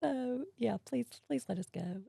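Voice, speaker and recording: A woman, telling a personal story as an interview guest, folksy and animated, acting out what others said. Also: on the high side, measured pace, gravelly, breathy edge, no room sound. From Mississippi, US.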